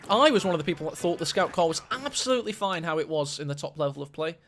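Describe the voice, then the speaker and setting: A man casting a strategy game match, excitable and quick to gasp at big plays. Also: on the high side, a little hiss or hum. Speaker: esports caster. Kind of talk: live game commentary.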